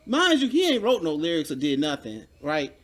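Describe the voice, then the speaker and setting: A man's voice: a little high, huge pitch swings, moderate pace, slight background noise. A man in casual chat, telling a story with animation and acting out the quotes, recorded in a media studio.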